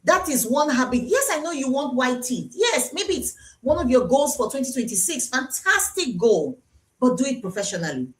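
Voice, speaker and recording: A woman's voice: sits high, very animated, normal speed. A Nigerian woman dentist hosting a live-streamed health talk, chatty and teasing, who repeats her key points for emphasis. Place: dental clinic.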